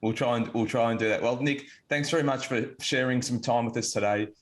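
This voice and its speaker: A man hosting an interview show, asking relaxed questions and giving short affirmations. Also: medium pitch, fairly quick. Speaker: podcast host.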